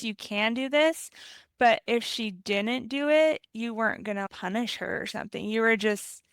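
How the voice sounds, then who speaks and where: Brief: woman host, smooth clear voice, dry close sound, encouraging and affirming. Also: on the high side, fairly bright tone, no echo. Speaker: podcast co-host; therapy company owner. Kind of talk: casual interview chat.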